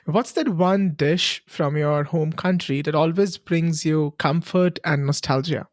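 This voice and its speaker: A podcast host leads a friendly interview with a middle-pitched voice. The recording is dry and close, with little room sound, and the host keeps things moving with easy questions and "okay, okay". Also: unhurried, no room sound. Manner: friendly, asks questions, often says "okay, okay".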